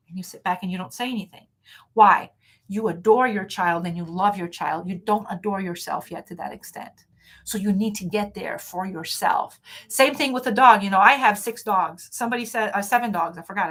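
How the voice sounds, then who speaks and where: A woman's voice: mid-range voice, a little fast, fairly bright tone. A woman hosting a motivational talk over a video call, speaking frankly and emphatically with self-assurance. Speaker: host.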